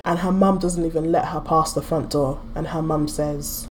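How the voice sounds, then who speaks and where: Woman host, lowish voice, blunt and jokey, faint hiss behind. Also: moderate pace. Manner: animated, blunt, joking storyteller. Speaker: podcast host. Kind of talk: casual chat.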